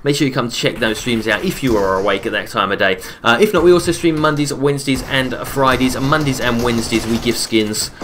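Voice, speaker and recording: A man streaming a game live, chatting casually, reading viewers' messages aloud and answering them between quick calls about the play. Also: medium pitch, noisy background. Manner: relaxed, chatty, repeats his own phrases. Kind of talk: casual live-stream commentary while gaming.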